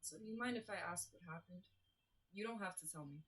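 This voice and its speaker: An actor playing a blunt, level-headed young woman who talks in a calm, matter-of-fact way during a stage play reading. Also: lowish voice, fast talker, natural voice, rough recording.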